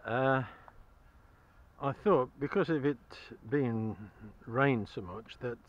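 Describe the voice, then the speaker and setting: A man metal-detecting outdoors in a field chats cheerfully to the camera, chuckling and enthusiastic about each find. His mid-range voice is slow, and the sound is lo-fi.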